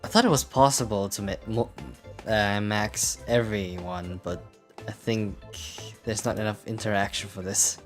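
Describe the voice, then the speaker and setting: Low-voiced sardonic male gameplay streamer. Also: fairly even intonation, unhurried, faint music behind. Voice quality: profane, sardonic. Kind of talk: casual gameplay commentary, reading game text aloud.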